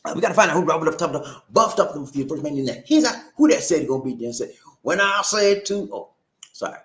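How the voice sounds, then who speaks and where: A man hosting a casual livestream, animated and breaking into sung catchphrases. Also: fairly high pitch, fast, echoey room. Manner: animated, sings and shouts catchphrases. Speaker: livestream host. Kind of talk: casual live chat. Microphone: new noise-reducing mic.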